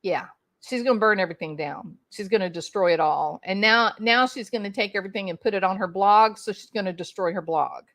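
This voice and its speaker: A woman's voice: medium pitch, a little fast, a bit bright. A middle-aged woman hosting a casual livestream from home, chatting folksily and addressing viewers by name. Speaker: livestream host reading chat. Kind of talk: casual chat.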